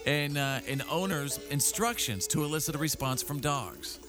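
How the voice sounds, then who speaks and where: A man's voice: fairly high pitch, moderate pace, over music. A man hosting a morning radio show, reading odd news items with playful jokey asides in a studio. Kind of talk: joking radio banter.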